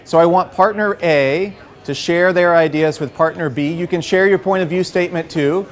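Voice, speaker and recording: Man running a workshop, slightly high voice, energetic coaching tone, keeps checking in with the room. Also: normal speed, hardly any pauses. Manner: energetic, coaching tone with frequent "okay?" and "right?" check-ins. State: a bit out of breath. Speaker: workshop facilitator. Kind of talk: live workshop instruction.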